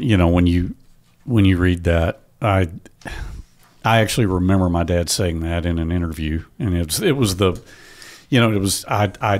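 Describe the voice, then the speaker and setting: A middle-aged man, a guest on a podcast, telling stories in a halting way with frequent restarts and fillers. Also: sits low. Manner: halting, restarts often, then quotes his father in a raised animated voice. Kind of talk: conversational storytelling.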